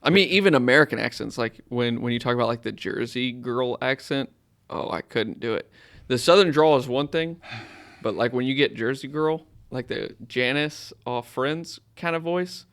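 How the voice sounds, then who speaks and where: A man with a mid-pitched, bright and forceful voice co-hosts a casual podcast. He throws in wry, teasing comments. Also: moderate pace. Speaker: podcast co-host. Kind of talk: casual chat.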